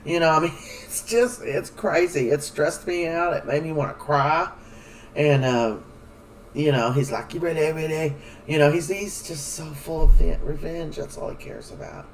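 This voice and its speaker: A man's voice: on the high side, normal speed, far from the mic, low-quality recording. A man giving a casual, rambling recap of a soap episode, full of fillers. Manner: rambling, chatty, many fillers. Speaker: soap opera recap vlogger.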